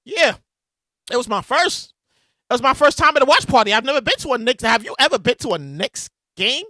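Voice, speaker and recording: A man hosting his podcast, telling stories in a loud, animated casual monologue. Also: very high voice, fast talker, dry recording, clean studio sound. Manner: animated, loud storytelling with bursts of shouting. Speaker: podcast host. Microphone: podcast mic with a soundboard.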